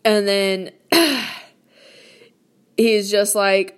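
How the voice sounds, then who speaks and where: A woman in her late twenties rants casually about a guy, swearing constantly, speaking bluntly, and filling her sentences with "like." Her voice is medium in pitch and a bit bright, at a normal speed.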